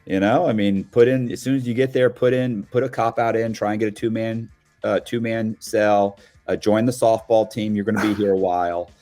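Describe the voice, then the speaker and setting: A man's voice: on the low side, steady tone, moderate pace, mellow, soft background music. A man in his fifties who speaks bluntly and streetwise in a casual podcast conversation. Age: 50s. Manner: blunt, streetwise, acts out quoted voices. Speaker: guest commentator.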